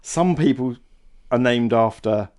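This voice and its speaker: A man's voice: mid-range voice, unhurried, a little mellow. A man co-hosting a film podcast in casual chat, musing aloud, hesitant, often trailing off and restarting. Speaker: podcast co-host.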